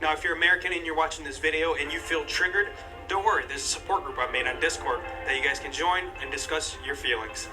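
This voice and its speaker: A man's voice: on the high side, fast, low-quality recording. A man wrapping up a street-interview vlog, talking to viewers in an upbeat, teasing way. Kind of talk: vlog outro to camera. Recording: music under the voice.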